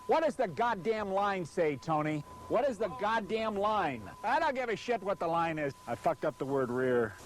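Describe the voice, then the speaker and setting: A frustrated announcer swearing nonstop and barking at the crew during a commercial recording session. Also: male voice, high-pitched, sing-song, moderate pace, slight background noise. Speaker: voice-over announcer. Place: recording set with hot lights and a car.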